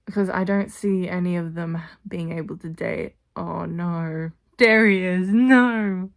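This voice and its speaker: Young adult woman, reaction vlogger: excitable, rambling delivery in a slightly low register. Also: measured pace, gravelly. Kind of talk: casual reaction vlog.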